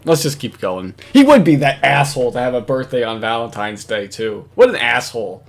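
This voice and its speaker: A man's voice: medium pitch, big pitch swings, brisk. A man hosting reaction commentary, ranting in a profane, exasperated way. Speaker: commentary host.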